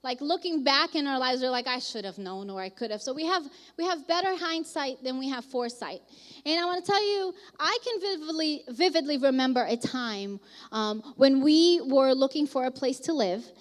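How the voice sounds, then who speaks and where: High-voiced woman pastor preaching in a hall. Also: normal speed. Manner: conversational storytelling, animated and candid. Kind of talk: sermon. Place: large church hall, live. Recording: live sermon in a reverberant hall.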